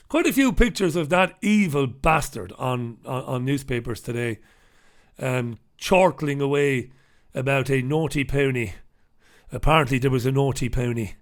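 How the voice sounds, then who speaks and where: A man's voice: mid-range voice, measured pace. A man hosting a newspaper review, ranting in a sarcastic, profane, opinionated way. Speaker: host.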